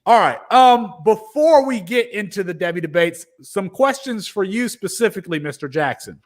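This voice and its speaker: High-voiced man hosting a podcast. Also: expressive, normal speed. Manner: mock-formal courtroom argument, then loose banter. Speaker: podcast host. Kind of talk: casual podcast chat.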